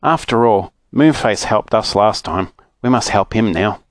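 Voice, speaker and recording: An Australian man voicing a bold, excitable young girl who exclaims in shock as he reads a storybook aloud. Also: on the low side, a little slow, dry recording, studio quality. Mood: determined.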